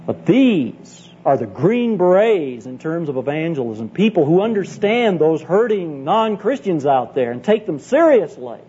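A middle-aged Bible college teacher preaches to church leaders at a conference, earnest and emphatic, full of personal stories and direct appeals. His fairly high, dark-toned voice is sing-song and unhurried with few pauses, on dull lo-fi tape with a faint hum.

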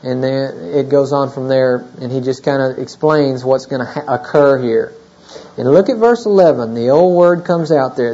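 A man's voice: on the high side, moderate pace, dark tone, dull audio. A man in his thirties preaching a sermon as a pastor, in a conversational style full of "you know?" asides.

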